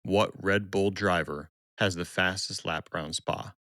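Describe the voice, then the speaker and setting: A man co-hosting a casual sports podcast, telling stories with lively energy and acting out quotes. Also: low-pitched, unhurried, no room sound, studio quality. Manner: animated storyteller, acts out quotes. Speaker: podcast co-host. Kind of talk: casual chat.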